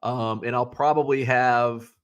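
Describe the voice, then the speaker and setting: A middle-aged man hosting a casual livestream, telling stories in a profane, animated way and answering viewers. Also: mid-range voice, measured pace, clean tone, dull audio. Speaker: livestream host.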